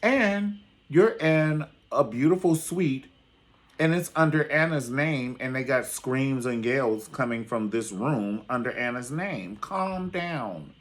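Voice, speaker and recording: A man's voice: medium pitch, unhurried. A man giving casual, dramatic commentary on a reality show, sassy and calling the listener honey. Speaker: reality TV reviewer.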